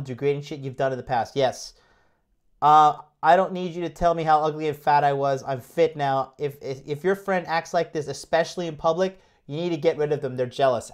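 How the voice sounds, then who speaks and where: A man coaching his viewers on a livestream, brash and profane, hammering the same phrases again and again and slipping into mocking whiny voices. His voice sits a little high for a man. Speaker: dating coach and host. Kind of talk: livestream motivational rant.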